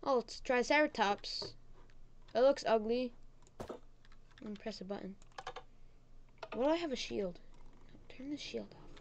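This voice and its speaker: A woman with a fairly high voice plays through a game at home in casual let's-play style. She chats goofily to herself, dropping to mutters and whispers, then bursting into squeals. Faint keyboard clicks sit behind her. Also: a little slow, long pauses, a little hiss or hum. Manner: goofy and chatty, jumping between mutters, whispers and sudden squeals. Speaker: gaming channel host.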